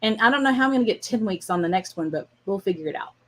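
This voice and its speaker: A woman's voice: mid-range voice, lively intonation, fast talker. A woman hosting a casual livestream drawing lesson, chatting while she draws and laughing often. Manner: chatty and warm-hearted, laughs often, chats to her dog while drawing. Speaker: art class host.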